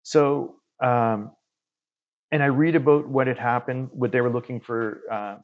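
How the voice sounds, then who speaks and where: A man from Canada, a guest medium, telling a story in casual conversation and acting out the dialogue with lively quoted voices. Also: medium pitch, measured pace, dull audio. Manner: animated storyteller who acts out quoted dialogue.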